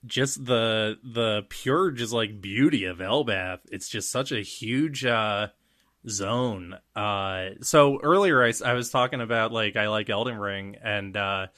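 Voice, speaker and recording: A man casually recapping a comic chapter on a podcast, animated and slipping into quick character voices. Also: lowish voice, no echo, studio quality.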